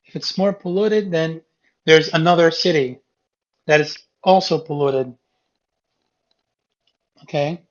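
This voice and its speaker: Speaking slowly and pausing often, a man with a highish voice walks his class through a reading quiz. He explains every question step by step and patiently repeats the key words, and the classroom recording sounds dull and lo-fi.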